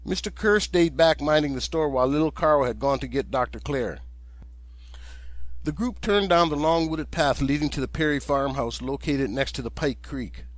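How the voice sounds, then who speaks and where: A man, the author, narrating his own audiobook in a steady, gentle storytelling manner. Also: fairly high pitch, normal speed, no echo.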